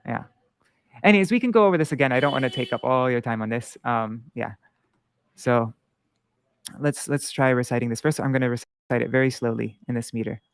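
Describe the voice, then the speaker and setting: Man, gravelly yet smooth voice, dry close sound; casual patient teacher who restarts often and chants rhythms slowly. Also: medium pitch, dry recording. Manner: patient, halting, thinks aloud with many restarts; chants syllable patterns slowly to demonstrate. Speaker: Sanskrit meter teacher. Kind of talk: live-streamed casual lesson.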